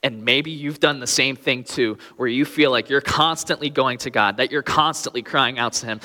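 A man's voice: mid-range voice, moderate pace, few pauses, pushed and bright, big-room sound. A young man preaching a sermon with earnest, pleading emphasis on key phrases.

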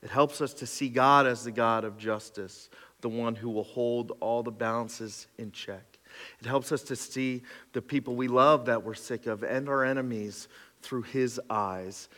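Animated pastor preaching in a reverberant hall. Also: male voice, medium pitch, unhurried. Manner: animated storytelling, swings from loud exclaiming to quiet reflection. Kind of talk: sermon.

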